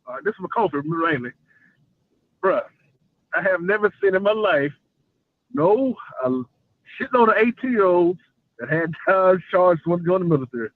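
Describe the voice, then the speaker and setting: A man with a high, light voice calls in and chats loosely, joking and repeating filler phrases. His voice comes through a tinny, dry phone line. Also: expressive, moderate pace, pauses often, no echo. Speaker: caller. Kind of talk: casual call-in chat.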